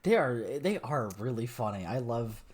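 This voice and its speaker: A man from the United States co-hosting a podcast, chatting casually and excitedly with frequent laughs and restarts. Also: medium pitch, normal speed, husky. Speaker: podcast co-host. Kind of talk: casual chat.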